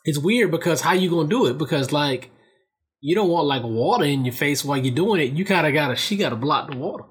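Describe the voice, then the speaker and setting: Stammering, profane man, a bit high. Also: lively intonation, quick pace. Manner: stammering restarts, profane, explains with "you know what I'm saying". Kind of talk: casual chat.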